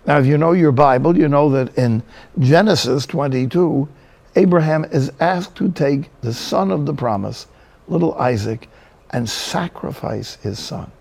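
An older man from New Jersey preaching a sermon, telling stories in a folksy, animated way. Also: on the high side, measured pace, gravelly, breathy edge. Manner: storytelling, folksy and animated with quoted asides.

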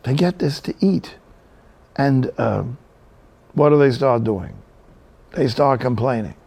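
Older male preacher, gravelly and mellow, folksy sermon storyteller. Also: mid-range voice, takes it slowly. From New Jersey. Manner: storytelling, folksy and animated with quoted asides.

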